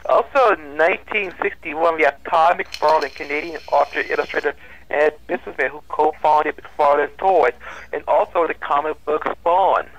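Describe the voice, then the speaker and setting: A man's voice: fairly high pitch, normal speed, fairly bright tone, rough recording. A man in a casual chat, reading out birth dates in a plain, matter-of-fact way. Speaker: podcast co-host.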